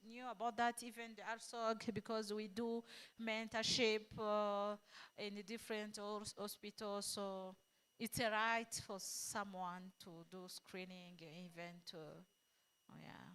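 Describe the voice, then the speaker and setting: A woman doctor answering questions in a halting manner, often searching for words. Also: medium pitch, little pitch movement, a bit bright, clean tone. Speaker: doctor presenting.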